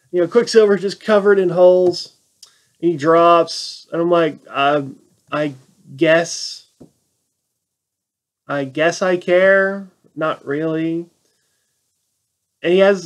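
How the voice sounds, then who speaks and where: A man giving a casual, sarcastic film review rant and mocking the plot. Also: fairly high pitch. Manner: sarcastic, acts out quotes in mocking voices. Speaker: movie reviewer.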